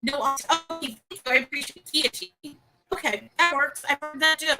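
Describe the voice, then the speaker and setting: A woman's voice: high voice, a little fast, low-quality recording. A woman co-hosting a casual livestream discussion, chatty and laughing at her own pronunciation. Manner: chatty, self-deprecating about pronunciation; reads viewer chat aloud and greets viewers.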